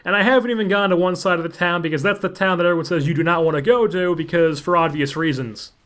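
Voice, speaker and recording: A man's voice: fairly high pitch, fairly bright tone. A young man in his late teens from Central New Jersey, with a Jersey accent, telling joking stories as a gaming channel commentator. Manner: joking, sarcastic asides, rising emphasis. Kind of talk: casual storytelling over gameplay.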